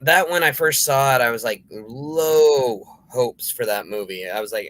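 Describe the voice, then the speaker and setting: Man, podcaster, casual chat, medium pitch, halting delivery. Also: animated, a bit bright. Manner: hesitant, full of fillers and restarts.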